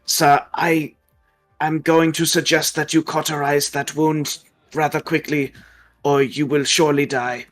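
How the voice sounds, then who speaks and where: A man's voice: a little high, flat delivery, unhurried, fairly bright tone, faint music behind. A man voicing a polite young Fire Nation fighter who speaks in a formal, earnest way. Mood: urgent.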